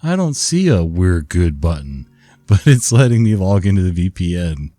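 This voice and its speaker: A man voicing a slow, dim-witted male office worker in a drawling, turtle-like voice. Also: sits low, sing-song, mellow, dry recording, soft background music. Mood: slow, cheerful.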